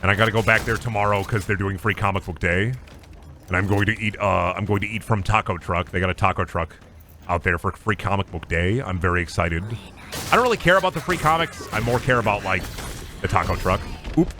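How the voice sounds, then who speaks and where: A man's voice: on the low side, a little fast, noisy background. A young adult man streaming a game, chatting in a rambling, profane, joking way. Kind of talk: casual livestream chat.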